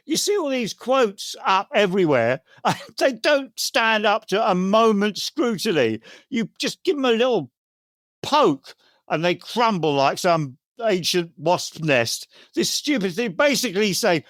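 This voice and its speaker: A man's voice: sits high, sing-song, measured pace, fairly bright tone, dry recording, clean studio sound. A man with an English accent co-hosting a comedy podcast, grumbling and mocking with plenty of swearing. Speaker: podcast co-host. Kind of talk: casual comedic chat.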